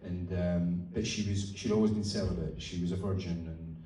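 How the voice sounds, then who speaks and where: An actor telling chatty, swearing, laughing stories at a festival talk, heard from the audience. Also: male voice, sits low, fairly even intonation, normal speed, warm tone. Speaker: actor guest. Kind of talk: onstage festival interview. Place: festival event hall. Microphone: audience phone far from stage. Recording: echoey hall recorded from far off in audience.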